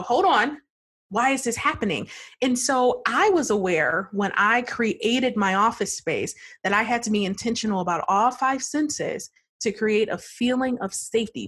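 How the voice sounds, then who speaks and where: A woman therapist with a soft, breathy voice, talking in a relaxed conversation. She tells stories with lively expression and slips into the voices of her clients as she describes them. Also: mid-range voice. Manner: expressive storyteller, acts out client voices, laughs often. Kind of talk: podcast conversation.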